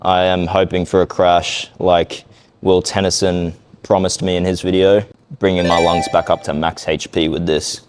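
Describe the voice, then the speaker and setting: A man with a fairly low voice chats in a hyped, self-amused way, vlogging through a gym workout. Faint music sits in the background. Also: level tone, moderate pace, rough recording. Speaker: fitness vlogger. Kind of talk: casual vlog commentary.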